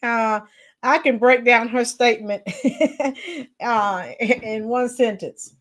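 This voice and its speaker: A woman talking casually on a live stream, her voice a little high for a woman. She reacts to clips with sarcasm and mockery and keeps calling out to her chat. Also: fairly even intonation, takes it slowly, a bit bright, slight background noise. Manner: sarcastic, mocking, chatty with viewers.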